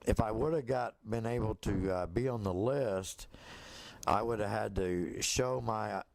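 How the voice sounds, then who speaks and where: A man's voice: fairly low pitch, vocal fry, a little mellow, no echo. A middle-aged man telling a personal story in a casual, rambling way, full of fillers and restarts, acting out the voices he quotes.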